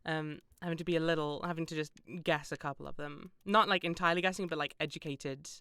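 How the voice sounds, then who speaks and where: A woman's voice: low voice, fairly even intonation, quick pace, a bit bright, smooth, no echo, clean studio sound. A young British woman streaming a game, chatting casually in a rambling, self-deprecating way with frequent laughs. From Britain. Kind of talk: casual gameplay stream chat.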